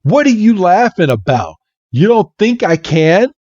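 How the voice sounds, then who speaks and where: A man's voice: on the high side, big pitch swings, takes it slowly, a little mellow, no echo, pitched above the performer's own voice, heavily acted. A man doing a cocky boy trainer, dull lo-fi. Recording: dull, muffled lo-fi recording.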